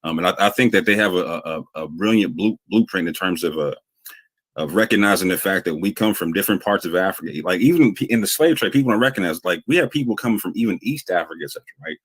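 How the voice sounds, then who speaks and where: Deep-voiced man, quick and earnest, rambling with lots of fillers. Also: fairly bright tone. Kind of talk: casual conversation.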